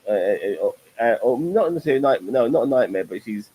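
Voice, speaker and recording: A man's voice: mid-range voice, fast, husky, low-quality recording. A middle-aged man hosting a casual TV review chat show, rambling and swearing freely. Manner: profane, rambling, animated.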